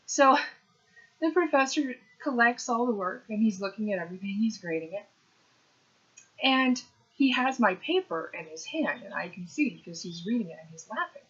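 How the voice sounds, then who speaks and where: A middle-aged woman, a comedian, telling a story in an animated, punchy way with playful asides. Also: on the high side, moderate pace, lo-fi sound. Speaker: stand-up comedian. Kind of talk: storytelling monologue.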